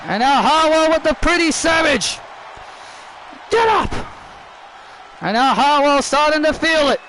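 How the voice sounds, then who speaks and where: A man giving excited play-by-play commentary on a wrestling video game, often repeating and restarting his phrases. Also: very high voice, moderate pace, slight background noise, rough recording. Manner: repeats and restarts phrases, shouts at big moments.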